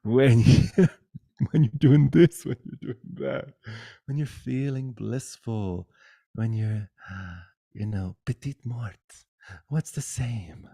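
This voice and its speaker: A man giving a spiritual satsang talk over a video call, soft and unhurried, often dropping to a whisper. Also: mid-range voice, vocal fry, no room sound, clean studio sound. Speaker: spiritual teacher.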